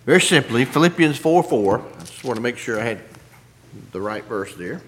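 A man's voice: mid-range voice, lively intonation, moderate pace, fairly bright tone, slight background noise. A man preaching a sermon, rising to emphatic scripture quotes and asking the congregation questions.

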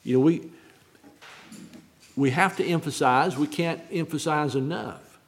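A man preaching on a Bible verse, halting and restarting often, repeating key phrases slowly. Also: fairly high pitch, slight background noise. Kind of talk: sermon, unscripted Bible teaching.

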